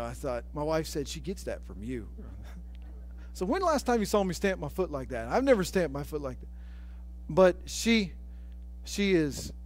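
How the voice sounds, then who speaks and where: High-voiced man preaching with fervor. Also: a little hiss or hum, poor audio. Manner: builds from soft storytelling to loud preaching; repeats phrases for emphasis. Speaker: pastor. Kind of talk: sermon.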